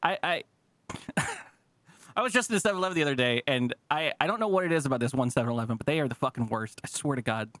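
A man hosting a podcast, telling profane, animated stories in casual chat and acting out what people said. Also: medium pitch, fast talker, no echo. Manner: profane, animated, acts out quotes. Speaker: podcast host.

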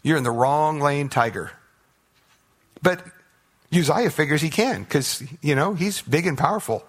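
A pastor preaches a sermon, retelling Bible stories and acting out the characters in playful voices. His voice is fairly high-pitched and a little slow, with animated storytelling.

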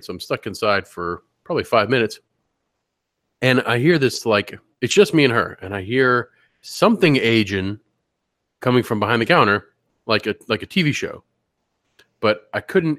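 A man co-hosting a podcast, chatting casually and telling anecdotes with animated voice impressions. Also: mid-range voice, no echo, studio quality. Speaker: podcast co-host. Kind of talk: casual chat.

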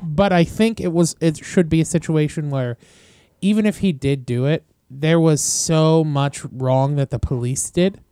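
A man's voice: on the high side, measured pace, dark tone, smooth, dry recording, studio quality. A man co-hosting a podcast in casual chat, chatty and hedging his opinions. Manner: chatty, hedging, laughs easily. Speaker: podcast co-host.

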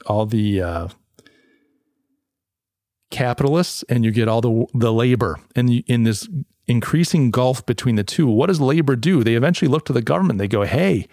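Male solo host, casual review talk, lots of restarts, mid pitch, dry close sound. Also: lively intonation, normal speed, a little mellow, no room sound. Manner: conversational, restarts often, acts out quoted voices. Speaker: podcast host. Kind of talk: solo commentary reviewing a paper.

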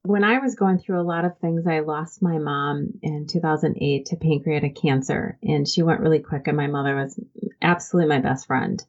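A woman's voice: low-pitched, fairly even intonation, fairly quick, muffled recording. A woman interview guest telling heartfelt stories about her church volunteer work, earnest and full of "um"s and restarts. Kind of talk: conversational interview storytelling.

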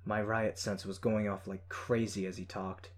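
A man's voice: lowish voice, flat delivery, moderate pace, close to an everyday voice. A man voicing a terse, uneasy female hero.

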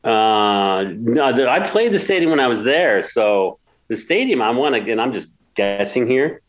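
A man's voice: mid-range voice, big pitch swings, normal speed, poor audio. A man in his sixties from upstate New York, telling emotional stories in an interview with many restarts and repeats. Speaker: golf course builder, guest. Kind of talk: storytelling interview.

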